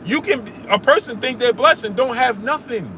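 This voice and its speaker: Man, high-pitched voice, sharp bright tone, argumentative, repeats himself, live-stream host. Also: a little fast, slight background noise. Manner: argumentative, repeats himself, calls listeners brother. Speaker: sports show host answering live chat. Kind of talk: heated casual live-stream talk.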